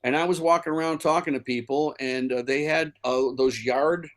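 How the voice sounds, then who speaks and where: A man's voice: fairly high pitch, steady tone, moderate pace. A man from Chicago, a musician guest, telling stories in a casual interview with many fillers and restarts.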